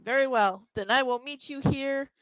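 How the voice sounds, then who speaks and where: A woman's voice: high voice, normal speed, no room sound, muffled recording, voice pushed up, natural voice. A woman voicing a friendly male town tour guide who rambles and hesitates while offering a tour. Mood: eager.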